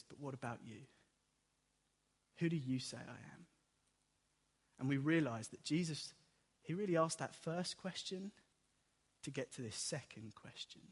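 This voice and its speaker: Male preacher, slightly high voice, long echo of a church hall, animated storytelling. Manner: animated storytelling, acts out dialogue. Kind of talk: sermon.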